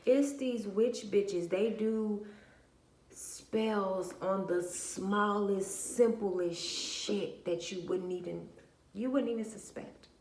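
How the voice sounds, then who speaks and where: A woman's voice: mid-range voice, slow pace. Blunt, profane woman in a roomy space. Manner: blunt, profane, animated storytelling. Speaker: spiritual vlogger. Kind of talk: casual monologue to camera.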